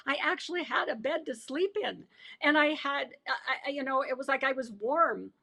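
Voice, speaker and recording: Middle-aged woman author, high voice, animated storyteller, quick to laugh. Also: creaky. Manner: animated storyteller who acts out quoted voices and laughs often. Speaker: author guest. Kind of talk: storytelling in a podcast interview.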